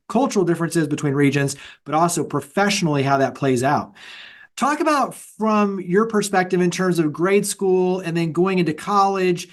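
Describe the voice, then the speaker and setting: A man from Texas hosting a conversational interview, friendly and chatty with laughing asides. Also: on the high side. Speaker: podcast host.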